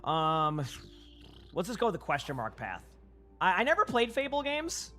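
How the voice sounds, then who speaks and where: A man's voice: sits high, wildly swooping pitch, normal speed, pushed and bright, soft background music. A young man with a Boston accent giving casual, rambling live-stream commentary while playing and chatting with viewers on a headset mic.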